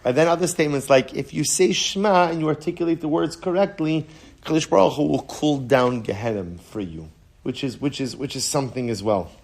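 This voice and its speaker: A man's voice: a little high, fairly quick, vocal fry, husky. A man, a rabbi, giving a casual Talmud lesson in a conversational way, often repeating words as he restarts a sentence and answering students. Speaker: rabbi teaching a Talmud class.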